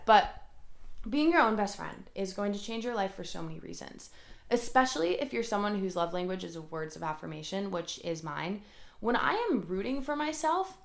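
A woman's voice: mid-range voice, gravelly, a bit bright, reverberant. Young woman, solo podcast host, earnest and a bit emotional, loose casual chatter. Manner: earnest and emotional, says "like" often.

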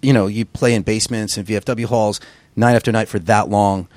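Casting: low-voiced gruff male rocker, rambling and profane, dry close mic. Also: steady tone, a little fast, darkish tone, no room sound. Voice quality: gruff singer's voice. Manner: rambling, profane, self-deprecating storyteller. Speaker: musician guest. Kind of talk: casual interview chat.

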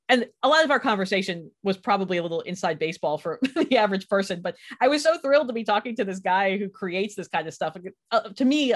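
A chatty woman hosting a relaxed conversation, talking with bubbly enthusiasm and laughing often as she goes. Her voice sits at an ordinary middle pitch. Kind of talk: casual chat.

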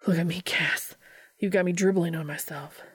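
A woman voicing an eager, flustered young adult man who talks in breathy, urgent whispers. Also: on the low side, steady tone, moderate pace, no room sound, clean studio sound.

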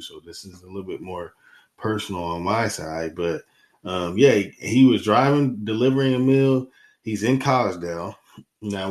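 A man talks in a lowish voice on his solo podcast. He rambles and curses, and his frustration keeps spilling over. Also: a little mellow. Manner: heated, profane, rambling. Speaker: podcast host. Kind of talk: casual solo podcast monologue.

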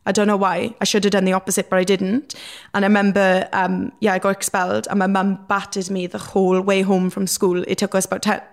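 A woman's voice: medium pitch, level tone, brisk. A young Welsh woman talks as an interview guest, with a middle-range voice. She tells her stories openly in a loose, casual ramble, and fillers keep creeping into her speech. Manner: rambling, frank, peppered with fillers. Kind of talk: casual candid storytelling.

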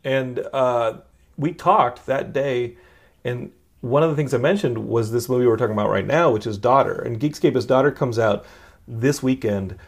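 A man's voice: medium pitch, normal speed. A man hosting a casual interview, talking with rambling enthusiasm and frequent restarts. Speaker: podcast host.

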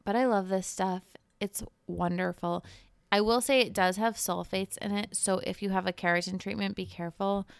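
A young woman co-hosting a podcast chats casually and animatedly, often drifting back and forth from her microphone. Her mid-range voice is gravelly yet clean, with a steady tone at normal speed, captured in a dry, studio-quality recording.

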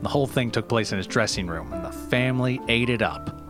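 A man's voice: mid-range voice, brisk, lightly acted. A man playing an aging comedian who hosts his own show, nostalgic and rambling, stammering through hesitant restarts, with faint music behind. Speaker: show host. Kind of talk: comedy audio sketch.

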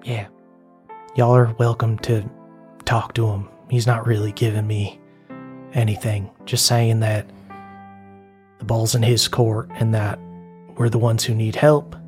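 A man's voice: on the low side, level tone, unhurried, long pauses, a little mellow, soft background music. Casual male game master narrating. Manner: casual, filler-heavy narration.

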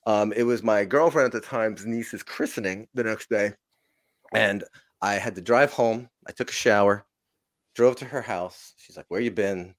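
Deep-voiced guy rambling through party stories, swears a ton, keeps laughing. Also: normal speed. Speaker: podcast guest. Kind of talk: casual storytelling.

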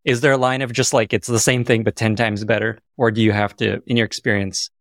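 A man hosting an interview, asking calm, curious questions. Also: on the low side, brisk, no echo, studio quality. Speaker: podcast host. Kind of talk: conversational interview.

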